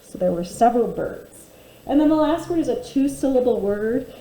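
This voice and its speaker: A woman teacher giving a phonics lesson to young children, sounding out words slowly and clearly and encouraging them warmly. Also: on the high side, expressive, low-quality recording. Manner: warm, encouraging teacher talk.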